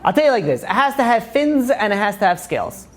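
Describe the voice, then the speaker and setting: A man, a rabbi, giving a casual, joking Torah lecture to a live class, talking fast and animatedly with lots of "you know". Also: high-pitched, very animated.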